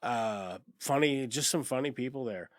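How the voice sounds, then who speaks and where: A man's voice: medium pitch, normal speed, no echo, clean studio sound. A man co-hosting a casual movie review podcast, swearing freely, laughing often and acting out lines from the film. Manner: profane, laughs often, acts out characters. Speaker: podcast co-host.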